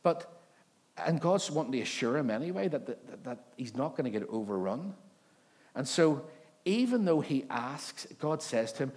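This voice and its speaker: Animated pastor preaching. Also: male voice, medium pitch, unhurried. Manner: animated storytelling, acts out voices of God and a king. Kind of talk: sermon. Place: church hall.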